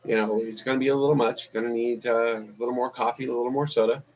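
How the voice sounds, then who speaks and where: A man's voice: medium pitch, fairly even intonation, quick pace, a little mellow, rough recording. Rambling casual man on a live stream. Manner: rambling, many fillers and restarts. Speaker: YouTube vlogger.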